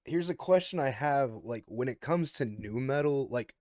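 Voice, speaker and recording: An inquisitive host who winds through his questions with restarts and casual swearing, at an ordinary male pitch. The sound is close and dry, with no room in it. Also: expressive, moderate pace, darkish tone, dry recording. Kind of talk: casual podcast chat. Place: podcast studio.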